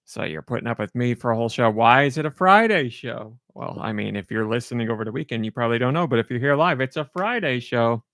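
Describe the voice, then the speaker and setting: Gravelly, rambling male podcast host. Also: medium pitch, expressive, fast, few pauses, fairly bright tone, dry recording, clean studio sound. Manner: rambling, self-deprecating, chatty. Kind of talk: casual solo podcast chat.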